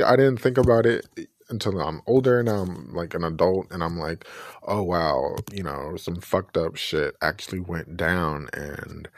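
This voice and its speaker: A man's voice: low-pitched, no echo, studio quality. A man giving a casual, rambling video review, often correcting himself and speaking openly about personal feelings. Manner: rambling, self-correcting, emotionally open. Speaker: vlogger reviewing a documentary.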